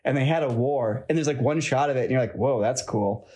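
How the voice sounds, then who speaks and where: A man co-hosting a casual podcast, making joking, deadpan comparisons. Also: mid-range voice, quick pace. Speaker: podcast co-host.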